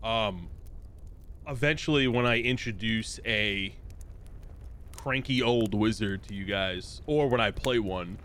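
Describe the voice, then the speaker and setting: A man's voice: on the low side, takes it slowly, fairly bright tone, slight background noise. A man co-hosting a casual chat, joking, arguing and swearing a lot. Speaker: podcast co-host and tabletop player.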